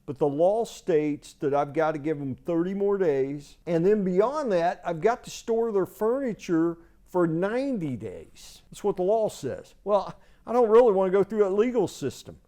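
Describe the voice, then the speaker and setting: A man's voice: high-pitched, expressive, moderate pace, hardly any pauses, dark tone. Plainspoken man telling business stories. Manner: conversational, anecdotal, plainspoken. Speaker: host sharing business advice. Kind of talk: casual storytelling monologue. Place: outdoors in the desert.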